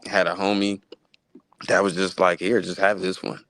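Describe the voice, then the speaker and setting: A man talking as a guest musician in a casual live interview, in a relaxed, loose way with lots of fillers and restarts. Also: sits low, moderate pace, no echo. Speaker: guest musician, gospel pianist.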